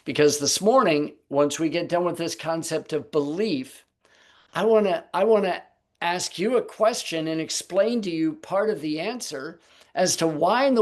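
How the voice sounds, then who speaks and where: A man teaching the Bible on a Sabbath video call, posing rhetorical questions to his listeners. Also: high voice.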